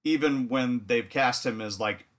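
A man's voice: medium pitch, a little slow, a bit bright. A man co-hosting a podcast, joking around and swearing freely in casual chat.

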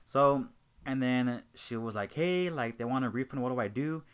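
A young man hosting a casual talk show, telling an animated story about a rude customer and acting out both sides of the argument. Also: medium pitch, normal speed, clear, resonant tone. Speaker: host.

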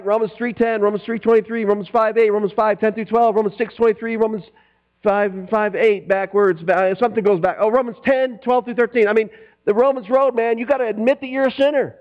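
Animated preaching man, high voice. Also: fairly quick. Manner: animated, swings from loud preaching to quiet asides. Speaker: pastor. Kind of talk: sermon. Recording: dull lo-fi recording with mains hum.

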